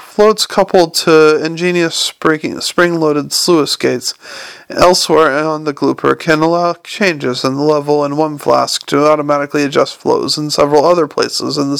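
A man voicing an excitable, long-winded male inventor who lectures eagerly and trips over his words, in an audiobook reading. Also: on the high side, normal speed, gravelly, clean tone, no echo. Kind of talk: audiobook character voice.

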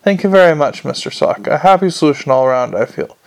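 A man's voice: a little high, animated, fairly quick, vocal fry, darkish tone. A man reading aloud, voicing an earnest, formal young male watchman.

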